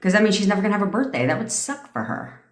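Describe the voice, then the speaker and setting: A woman's voice: mid-range voice, very animated, racing. Profane, blunt woman coach in an echoey room. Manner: blunt, profane, laughing often. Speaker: manifestation coach. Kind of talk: casual livestream talk to viewers. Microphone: phone or webcam.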